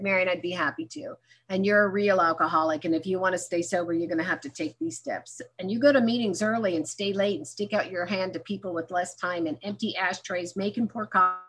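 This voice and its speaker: A woman's voice: mid-range voice, fairly bright tone. A middle-aged woman candidly telling her own recovery story, mixing humor into a personal testimony.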